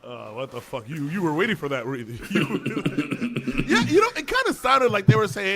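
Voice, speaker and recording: A man co-hosting a podcast in casual chat, animated, laughing often and swearing. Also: sits high, normal speed, gravelly. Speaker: podcast co-host.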